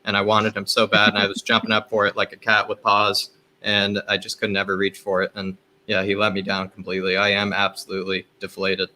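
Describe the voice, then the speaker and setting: A man with a low, flat voice and a bright, tense edge speaks as a guest on a casual fan stream. He plays up his feelings in a melodramatic, self-mocking way. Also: fairly quick. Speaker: guest panelist. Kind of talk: casual live-stream chat.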